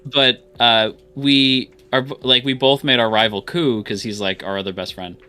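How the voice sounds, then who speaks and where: A man's voice: medium pitch, steady tone, normal speed, pushed and bright, clear, resonant tone, soft background music. A man who is a guest on a casual live stream chat, talking in rambling tangents and laughing easily.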